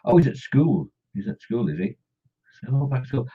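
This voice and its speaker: Husky, lively man chatting. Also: medium pitch, moderate pace. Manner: jokey and teasing, chatty banter with viewers. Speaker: host of a model-painting live stream. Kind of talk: casual live-stream chat, reading out comments. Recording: dull lo-fi stream audio.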